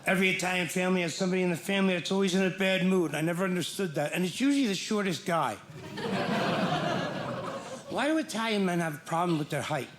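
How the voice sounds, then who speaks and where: A man's voice: sits high, fast. A man doing a stand-up comedy set, telling wry, mock-exasperated stories about marriage and family. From Ireland. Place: comedy club stage. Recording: echoey stage with loud crowd noise.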